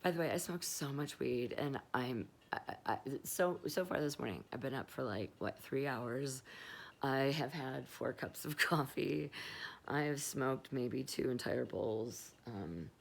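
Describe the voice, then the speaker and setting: A woman's voice: very deep voice, lively intonation, unhurried, creaky. A middle-aged woman talking candidly and rambling in a confessional vlog, swearing freely while stoned. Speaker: vlogger.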